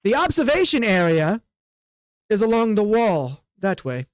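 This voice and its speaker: A stern older dueling instructor, put on by a game master for a tabletop game. He talks in slow, clipped, formal phrases with a cool, superior air, at a middling pitch. The mic is close and dry, with no room in it. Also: sing-song, dry recording. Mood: condescending.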